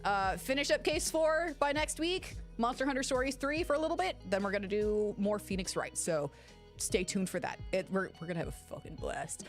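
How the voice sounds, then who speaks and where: A woman streamer chatting casually with her live viewers, excitable, swearing freely, with loud outbursts and frequent laughter. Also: medium pitch, a little fast, soft background music. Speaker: game streamer.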